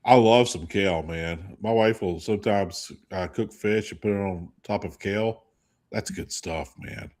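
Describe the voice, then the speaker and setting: A man's voice: sits low, measured pace. A man co-hosting a radio show, telling casual stories and acting out the lines of the people in them. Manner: animated storyteller acting out quotes. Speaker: radio co-host. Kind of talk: casual storytelling chat.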